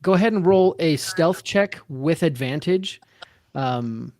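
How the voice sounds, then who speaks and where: A man's voice: on the high side, expressive, takes it slowly, a little mellow, no room sound. A man running a tabletop game as game master, talking with many hesitant fillers over a video call.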